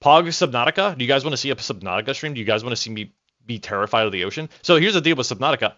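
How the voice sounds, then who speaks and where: A male game streamer gives casual live commentary, rambling, swearing and reacting excitably. His voice is bright and forward, and his pitch bounces around a lot from line to line. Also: dull audio.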